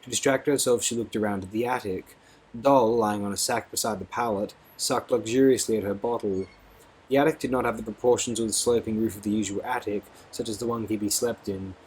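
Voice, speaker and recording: Low-voiced male audiobook narrator. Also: brisk, slight background noise, low-quality recording. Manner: steady, expressive storytelling.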